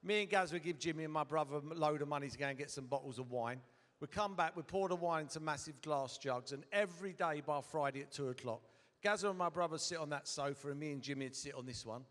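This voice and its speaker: A middle-aged man tells a rambling, sweary story on stage, with comic asides thrown in. His voice sits a little high. A long hall reverb trails each phrase. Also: fast, fairly bright tone. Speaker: guest storyteller. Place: hotel ballroom stage. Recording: hall reverb at a live event.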